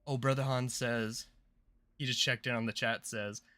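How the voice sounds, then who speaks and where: A man's voice: medium pitch, fairly even intonation, normal speed, bright, forceful tone, dry recording. A man hosting a casual gameplay livestream, chatting playfully and with hype to his viewers. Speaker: streamer and channel host.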